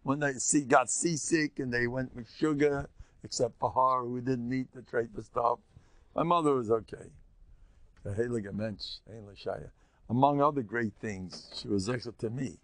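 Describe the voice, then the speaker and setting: A man's voice: medium pitch, normal speed, no room sound. An older man, a rabbi giving a rambling, joking religious lecture and teasing his listeners.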